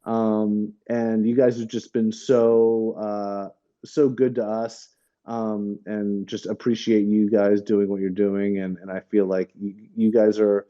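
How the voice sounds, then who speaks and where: A man chatting on a podcast in a mellow, dark-toned voice, rambling and hesitant, stopping and restarting often. The audio is dull and lo-fi. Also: fairly low pitch, level tone, slow pace. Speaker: podcast co-host. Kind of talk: casual podcast chat.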